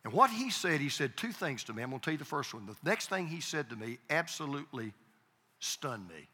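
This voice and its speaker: A man preaching a sermon as pastor, telling a story with repeated starts and emphatic pauses. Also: fairly high pitch, very animated, pushed and bright, slightly rough, big-room sound.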